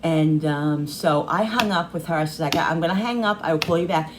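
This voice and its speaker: Crying as she vlogs, a middle-aged woman with a deep voice tells a personal story at a fairly quick pace. She rambles and keeps starting over, and there's noise in the background.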